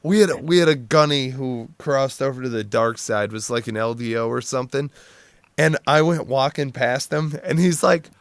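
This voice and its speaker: A man's voice: mid-range voice, moderate pace, no echo. A man, a Marine veteran guest on a podcast, telling rambling, profane stories with frequent laughs and restarts. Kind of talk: casual storytelling chat.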